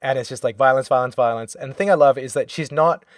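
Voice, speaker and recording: A man co-hosting a podcast, recapping a game in casual chat and acting out characters' lines with lively swearing. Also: mid-range voice, fast, no room sound. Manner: animated, acts out characters' lines with swearing and laughs. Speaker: podcast co-host.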